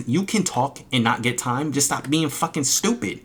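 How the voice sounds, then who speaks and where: A man's voice: mid-range voice, expressive, normal speed, slightly rough. A young man, a streamer, venting angrily and profanely about his chat, mocking them in quoted voices. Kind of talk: frustrated vent to camera.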